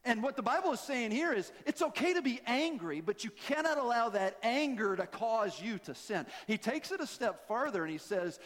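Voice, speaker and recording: A man with a high, light voice preaches a sermon in a folksy, joking way, full of self-deprecating asides. His words ring out with the long reverb of a church hall. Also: lively intonation, moderate pace, few pauses, a bit bright. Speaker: pastor.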